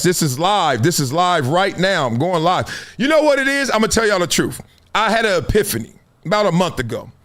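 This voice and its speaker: A man's voice: sits high, a bit bright. A middle-aged man hosting a live sports talk stream from home, reacting to chat with emphatic build-ups and frequent laughs. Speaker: host of a sports talk livestream. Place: home studio.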